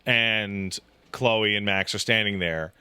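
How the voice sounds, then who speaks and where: A man co-hosting a podcast, retelling a video game story in casual chat, profane and quick to laugh. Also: lowish voice, smooth, dry recording. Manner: animated, profane, breaks into laughter and mock voices. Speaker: podcast co-host.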